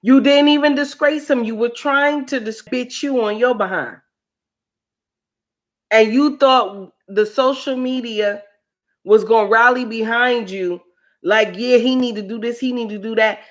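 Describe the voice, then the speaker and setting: Slow, preachy woman on a livestream. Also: a little high. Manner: preachy, repeats lines for emphasis. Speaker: livestream host. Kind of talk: casual commentary livestream.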